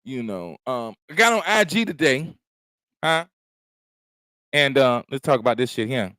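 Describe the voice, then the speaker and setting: Here the comedian's mid-range voice swings widely in pitch at a measured pace, with a sharp tone and no room sound. He's chatting casually on his stream from home, smoking, cursing freely, and meandering through laid-back tales.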